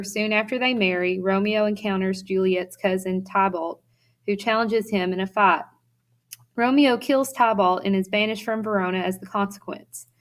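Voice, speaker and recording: A woman teacher giving a recorded classroom lecture, reading her notes aloud steadily with the odd filler. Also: mid-range voice.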